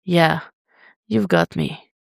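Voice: mid-range voice, wildly swooping pitch, drawn-out words, creaky, no room sound, clean studio sound, exaggerated voice. A reader voicing a needy young man in an audio story, in a breathless, pleading manner. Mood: soft, content.

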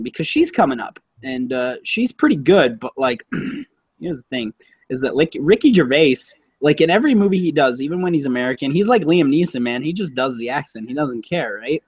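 A man's voice: mid-range voice, breathy edge, dry recording. A man co-hosting a casual movie-review chat, rambling and profane, with lots of fillers and self-corrections. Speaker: podcast co-host reviewing a movie.

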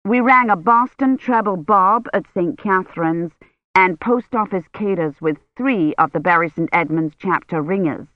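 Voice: mid-range voice, normal speed, dry recording, narrow, tinny audio, close to an everyday voice. A reader voicing an earnest American bell ringer woman.

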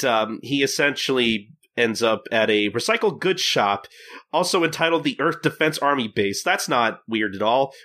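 A man's voice: mid-range voice, pushed and bright. A man hosting a podcast, recapping a manga chapter in casual chat with many fillers and restarts. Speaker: podcast host.

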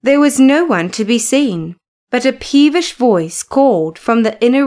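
Slow, measured woman storyteller. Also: on the high side. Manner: measured, even reading. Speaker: narrator. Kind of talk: scripted storybook narration.

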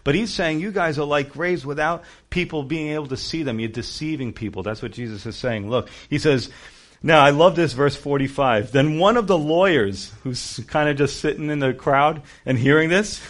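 Lively, animated male pastor preaching. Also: moderate pace. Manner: animated, acts out quotes with shifting pitch and volume; conversational, jokey asides with laughter. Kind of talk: sermon.

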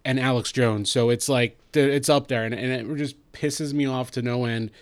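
A man's voice: mid-range voice, steady tone, moderate pace. A man co-hosting a podcast, talking bluntly and angrily, with frequent swearing. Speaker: podcast co-host. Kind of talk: heated podcast discussion.

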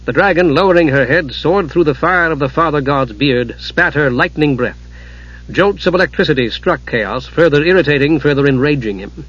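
A man narrating a fantasy audiobook in a steady, dramatic storytelling manner. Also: fairly high pitch, moderate pace, slightly rough. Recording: dull lo-fi audiobook recording.

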